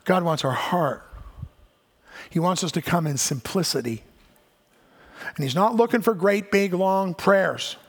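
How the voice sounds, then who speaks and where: Older guy preaching a sermon, acts out the quotes, high pitched, echoey church hall. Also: a little slow, long pauses. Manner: animated storytelling, acts out quoted voices. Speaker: pastor. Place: church sanctuary. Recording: church hall with long reverb.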